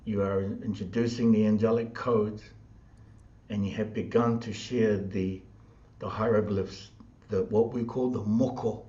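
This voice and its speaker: Nz guy preaching slow and repetitive, low voice, roomy muffled sound. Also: fairly even intonation, warm tone. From New Zealand. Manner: slow, repetitive, chant-like phrasing. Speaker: spiritual teacher. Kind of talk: spiritual talk. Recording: dull sound in an echoey room.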